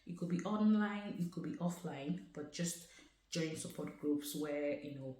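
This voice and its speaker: A woman's voice: low-pitched, a little slow, dark tone, echoey room, low-quality recording. A woman vlogger talking earnestly and conversationally about her own experience, with many casual fillers. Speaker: vlogger sharing a personal story. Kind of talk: casual personal talk to camera.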